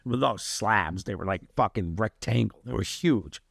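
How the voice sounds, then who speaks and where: A man's voice: on the low side, moderate pace, gravelly, fairly bright tone, dry recording, clean studio sound. A man co-hosting a podcast, telling a story in casual chat, acting out the people in it and swearing freely. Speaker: podcast co-host.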